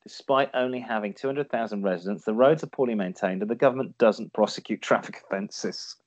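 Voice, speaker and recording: A man's voice: on the low side, a little fast, a little mellow. A man hosting a quiz on a casual podcast, joking and correcting himself as he goes. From Ireland. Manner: jokey, self-correcting quizmaster. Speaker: podcast co-host running a quiz. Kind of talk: casual chat. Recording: dull lo-fi audio.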